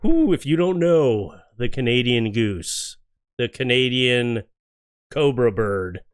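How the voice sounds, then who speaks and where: His voice is medium-pitched, clear, and resonant, animated but slow in delivery. He hosts a YouTube clip-reaction show, ranting casually and sarcastically with jokes and exaggerated acted quotes.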